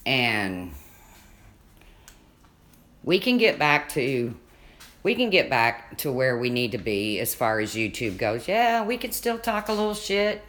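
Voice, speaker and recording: Woman w a really low deep voice chatting on her livestream, reads out comments, swears casually. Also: sing-song, unhurried, pauses often, fairly bright tone. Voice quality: deep voice that people mistake for a man's. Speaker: livestream host. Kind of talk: casual livestream chat with viewers.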